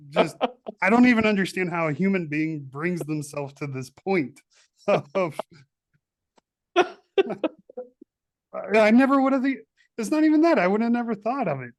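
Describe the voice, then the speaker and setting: A man's voice: high-pitched, expressive, measured pace, long pauses. A man hosting a podcast interview, upbeat and joking, laughing easily. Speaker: podcast host. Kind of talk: casual interview chat.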